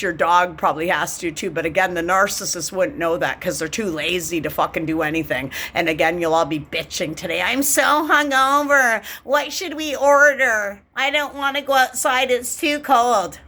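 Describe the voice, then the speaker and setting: A woman's voice: on the low side, bright, forceful tone. A woman from Canada delivering a bitter, profane rant to camera. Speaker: vlogger. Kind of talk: angry monologue to camera.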